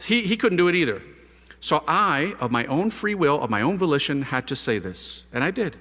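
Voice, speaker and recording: A man with a fairly high, bright and forceful voice tells his story with big swings in pitch. He acts out the scenes with drama. Long reverb rings around him in a large hall. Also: very animated, normal speed. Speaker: priest giving his conversion testimony. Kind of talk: animated storytelling talk to an audience.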